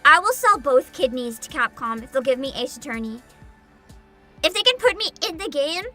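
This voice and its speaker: A woman streamer chatting casually on a livestream, excitable and giggly, often humming and squealing. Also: extremely high pitch. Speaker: streamer reacting to a game showcase. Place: home streaming setup.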